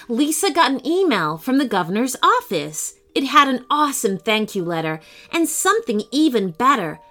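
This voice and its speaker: A woman narrating a children's story in an expressive storytelling manner. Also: medium pitch.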